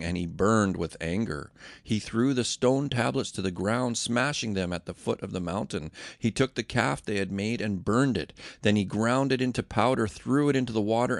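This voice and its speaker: A man reading scripture as narrator in a measured, dramatic way. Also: fairly low pitch, vocal fry, no echo.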